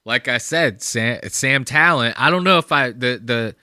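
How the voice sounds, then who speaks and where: Young guy reacting to clips, swears a ton, kinda high and rambly, bright voice, super dry close mic. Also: unhurried, dry recording. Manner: loose, profane and rambling. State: high on marijuana. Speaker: reaction video host. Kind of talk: casual reaction commentary.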